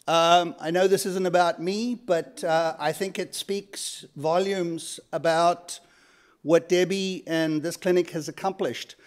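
A man in his fifties with a South African accent, moderating a law school panel, introducing speakers and telling his own story in a halting, earnest way with many fillers. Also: a little high, steady tone. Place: lecture hall.

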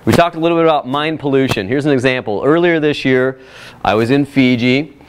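A man presenting at a workshop, telling a personal story in a casual, animated way with frequent asides to the audience. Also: medium pitch, fairly quick, noisy background. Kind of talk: casual workshop talk with slides.

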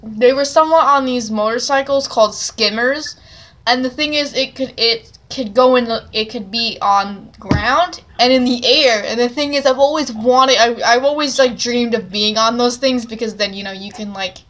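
A woman's voice: a little high, normal speed, a bit bright, a little hiss or hum. A young woman hosting a casual chat, rambling with lots of fillers and talking with enthusiasm. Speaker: channel host.

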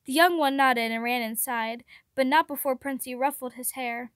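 A woman reading a fan fiction chapter aloud, steady with occasional stumbles over words. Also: fairly high pitch, normal speed, no echo, studio quality. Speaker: reader.

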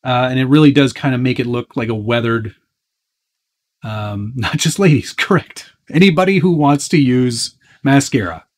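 Male streamer, casual and chatty, answers viewer questions at an easygoing clip with plenty of ums and uhs, mid-pitched everyday voice. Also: moderate pace. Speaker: host of a live Q&A stream. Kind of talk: casual live-stream chat.

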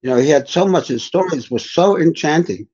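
Older man telling unhurried stories. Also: a little high, expressive, darkish tone, slightly rough. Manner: unhurried, reflective anecdotes. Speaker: spiritual teacher, guest. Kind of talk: storytelling in a podcast interview. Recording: dull lo-fi sound.

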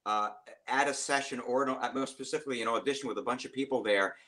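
A man who is a voice actor, chatting casually on a livestream panel in a rambling, jokey way with halting restarts. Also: medium pitch, pushed and bright.

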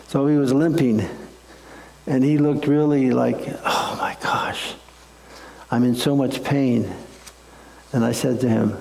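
A male pastor preaches in a folksy, conversational way, telling stories to his congregation. His voice is heavily gravelly and mellow. The room is echoey. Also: mid-range voice. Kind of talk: sermon.

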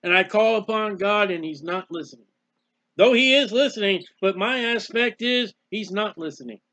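A man's voice: high voice, moderate pace, bright, forceful tone. A man preaching an impassioned Bible sermon, speaking emotionally and repetitively in the first person as the psalmist. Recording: dull lo-fi recording.

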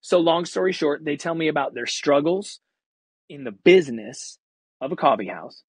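Husky-voiced man telling a lively story. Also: on the high side, normal speed, dry recording. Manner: energetic, acts out quoted voices; casual slangy phrasing. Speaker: podcast guest, actor and comedian. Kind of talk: animated storytelling.

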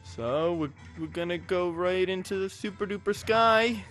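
A man's voice: high voice, measured pace, a bit bright, faint music behind. A man giving casual, jokey gameplay commentary as a let's play host, rambling with crude asides.

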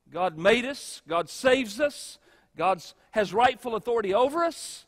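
A man with a high voice preaches in a church sanctuary, leaning hard on key words and letting his delivery swing from loud to hushed. The hall adds a long reverb tail to every phrase. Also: animated. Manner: emphatic preaching with dramatic pauses and shifts in loudness. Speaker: pastor. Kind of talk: sermon.

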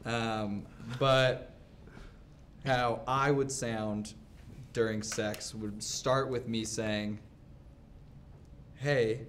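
A young man joking his way through a dating game, with a deadpan, drawn-out delivery. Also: on the low side, slight background noise. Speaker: dating show contestant. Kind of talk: playful comedic banter.

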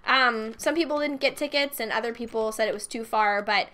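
A woman's voice: a little high, a little fast, sharp tone. Bubbly young woman gaming. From United States. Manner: chatty, bubbly, talks to the game as she plays. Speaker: Minecraft let's-play host. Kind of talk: casual gameplay commentary.

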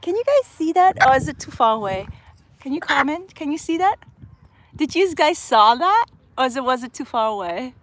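High-voiced woman live-streaming outdoors. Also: moderate pace. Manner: animated, cooing baby talk to her bird; frequent laughter, excited exclamations. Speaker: parrot trainer, channel host. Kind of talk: casual live stream chat. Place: outdoors in open country.

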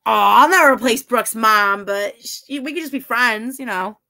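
A woman's voice: fairly high pitch, moderate pace, creaky, sharp tone, no echo, clean studio sound. A woman chatting casually on a livestream, giggling and flirting as she reads and answers her viewers' comments. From half Italian heritage. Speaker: livestreamer reading chat.

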